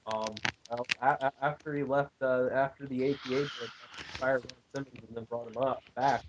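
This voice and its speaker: A man's voice: mid-range voice, fairly even intonation, a little fast, background noise. Rambling man recapping wrestling, lo-fi sound. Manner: rambling recap with goofy character voices. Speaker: podcast co-host recapping wrestling. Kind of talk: casual podcast chat.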